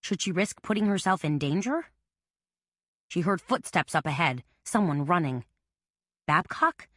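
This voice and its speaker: A woman narrating a mystery audiobook in a steady, tense storytelling manner. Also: fairly low pitch, a little slow, dry recording, clean studio sound. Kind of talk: scripted narration.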